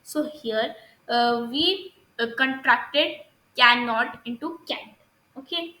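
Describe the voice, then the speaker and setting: Indian English woman, grammar teacher, halting delivery, sharp bright tone. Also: fairly high pitch, echoey room, rough recording. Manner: hesitant, many fillers and restarts, asks "understood?". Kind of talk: recorded grammar lesson.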